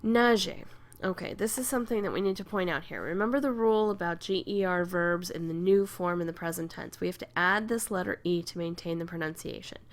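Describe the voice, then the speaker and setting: A woman teaching a French grammar lesson, explaining rules patiently and slowly drilling verb conjugations. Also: on the low side.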